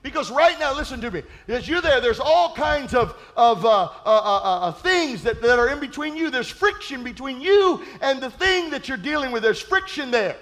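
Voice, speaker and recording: A male pastor preaching a sermon, emphatic and repetitive, with playful asides and sudden shouted peaks. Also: very high voice, animated, normal speed, hardly any pauses.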